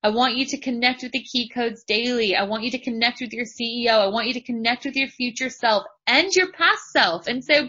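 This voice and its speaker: A woman's voice: on the high side, a little fast, few pauses, sharp tone. A woman, a podcast host giving a motivational spiritual talk and repeating phrases for emphasis. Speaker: podcast host and business coach. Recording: dull lo-fi recording.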